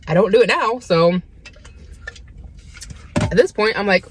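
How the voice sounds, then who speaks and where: A young woman vlogging from a parked car into a phone, ranting in an exasperated, animated way. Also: medium pitch, measured pace, a little hiss or hum. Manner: animated, exasperated ranting, mocking quoted voices. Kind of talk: casual ranting vlog.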